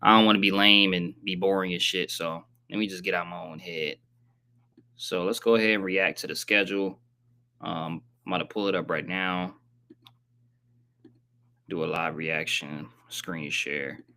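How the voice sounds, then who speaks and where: A man hosting a casual live sports recap, rambling in slangy, profane talk and saying he sounds flat and let down. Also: deep voice, unhurried, long pauses. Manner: says he sounds monotone and disappointed. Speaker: sports channel host.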